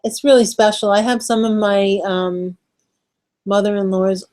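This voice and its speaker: A woman's voice: medium pitch, fairly even intonation, unhurried, darkish tone. A woman co-hosting a casual chat, talking loosely, laughing often and trailing off mid-sentence. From New York. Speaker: co-host.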